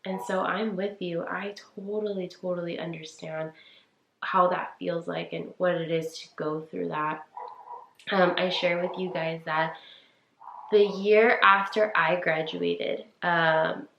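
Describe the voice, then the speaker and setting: A woman's voice: fairly low pitch, fairly even intonation, takes it slowly, vocal fry, background noise. A woman in her twenties co-hosting a podcast. She gives casual, heartfelt advice, says "like" a lot and talks straight to the listeners. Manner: earnest, heartfelt, many "like"s, addresses listeners as "you guys". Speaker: podcast co-host. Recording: echoey room.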